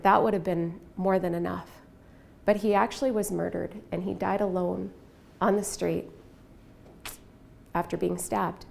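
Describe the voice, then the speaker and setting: A middle-aged woman tells a story from her work in a presentation. Her voice has a gravelly edge at a mid pitch. She speaks candidly and reflectively and acts out the quoted lines. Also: darkish tone. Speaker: speaker giving a workplace culture presentation.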